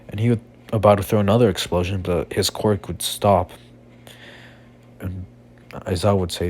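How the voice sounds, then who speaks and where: Deep-voiced young man rambling through a story. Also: fairly even intonation, normal speed, long pauses, darkish tone, a little hiss or hum. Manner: rambling, filler-heavy, casual. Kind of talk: improvised fan-fiction storytelling.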